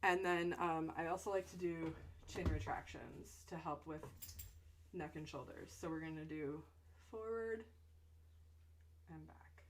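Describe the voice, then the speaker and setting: Voice teacher, young adult woman, slightly low voice, easygoing chatty demo delivery. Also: moderate pace, slight background noise. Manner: relaxed, chatty, with fillers and asides. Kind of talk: instructional stretch demonstration.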